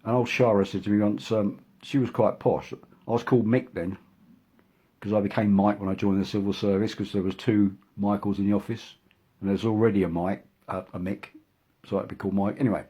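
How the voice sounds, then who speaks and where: A man's voice: level tone, brisk, dark tone, breathy edge. An older man from England telling a casual, rambling anecdote, with frequent restarts and asides. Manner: acts out quotes in a higher voice. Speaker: storyteller.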